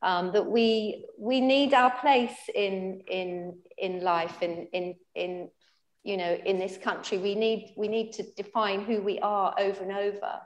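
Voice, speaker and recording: A woman poet talking thoughtfully on a panel, pausing and restarting often. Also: mid-range voice, fairly even intonation. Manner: thoughtful, hesitant with many restarts. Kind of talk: panel discussion at a literary event. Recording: roomy hall sound.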